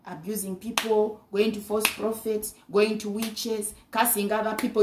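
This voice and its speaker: A woman's voice: a little high, echoey room. A woman preaching a fervent sermon, breaking in with hallelujah and sometimes stumbling over her words.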